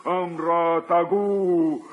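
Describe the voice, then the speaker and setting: A solemn old chief who speaks in slow, halting, broken phrases, his voice slightly high. The sound is dull and lo-fi, like an old radio broadcast. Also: fairly even intonation. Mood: pleading. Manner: slow, halting broken speech, theatrical pleading. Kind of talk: 1950s radio sitcom acting.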